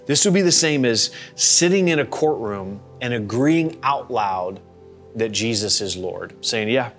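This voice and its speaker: Casual, animated man teaching the Bible. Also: medium pitch, a little slow, soft background music. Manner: conversational, animated, acts out people's reactions. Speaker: pastor. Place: church gathering.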